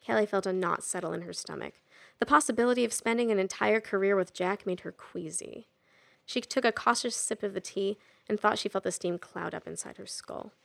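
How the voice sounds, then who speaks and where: A woman narrating a novel in a steady, even storytelling manner. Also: medium pitch, a little fast, creaky. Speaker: audiobook narrator. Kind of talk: scripted narration.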